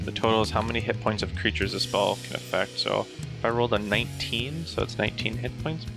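A man with a rather low, gravelly voice takes his turn in a tabletop game. He declares spells and rolls in a dry, wry way. Guitar music plays behind him. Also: steady tone, fast talker. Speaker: player. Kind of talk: casual tabletop play.

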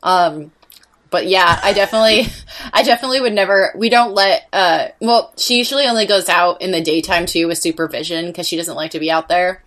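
A woman's voice: lowish voice, fairly quick, a bit bright. A young woman co-hosting a podcast on her computer mic, chatty, laughing often and swearing casually. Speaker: podcast co-host. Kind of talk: casual chat. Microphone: computer microphone.

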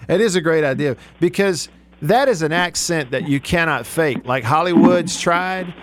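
A man's voice: fairly high pitch, expressive, normal speed. A man hosting a radio show, talking in an easygoing way and laughing often. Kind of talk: casual radio chat.

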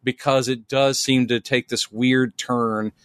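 A man co-hosting a podcast, chatting casually and telling stories with lively self-mocking humor. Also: mid-range voice, slow pace, clear, resonant tone, no echo. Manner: animated storyteller, laughs at himself. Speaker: podcast co-host. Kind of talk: casual chat.

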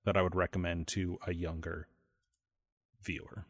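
A man's voice: low voice, little pitch movement, moderate pace, dry recording, studio quality. A man co-hosting a podcast, chatting casually in an easygoing, storytelling way. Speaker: podcast co-host. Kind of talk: casual chat.

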